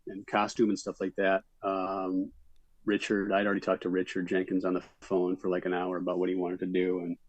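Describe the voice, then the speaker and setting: A middle-aged man from Minnesota talks through his stories in a relaxed, rambling way, with lots of fillers. His voice sits very low and stays level. The sound is close and dry. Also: a little fast, no echo, lo-fi sound. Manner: relaxed storytelling, many fillers. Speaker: actor guest. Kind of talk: casual interview chat.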